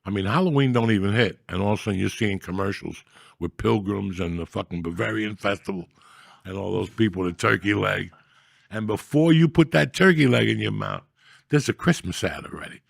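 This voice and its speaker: A man telling comic stories on a podcast in a gravelly, profane, ranting way, with loud bursts when he acts out scenes. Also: fairly low pitch, a little fast, no room sound, studio quality. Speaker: podcast host. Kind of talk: casual comedic storytelling.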